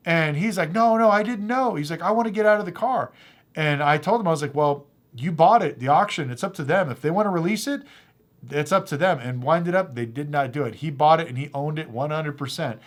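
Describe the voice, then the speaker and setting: A man who deals cars, casually telling a story to the camera and acting out both sides of the conversations. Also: a little high. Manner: animated anecdotal, acts out both sides of conversations. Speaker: car dealer and channel host.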